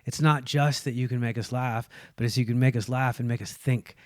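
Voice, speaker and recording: A guest comedian chats casually on a podcast, telling stories animatedly and acting out the quotes. He has a medium-pitched voice, speaks a little fast, and the recording is dry.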